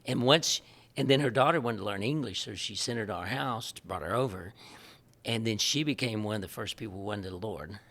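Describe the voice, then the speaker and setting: Animated man telling stories. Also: fairly low pitch, brisk. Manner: animated, laughing storyteller who acts out quoted dialogue. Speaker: missionary guest. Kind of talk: storytelling in a podcast interview.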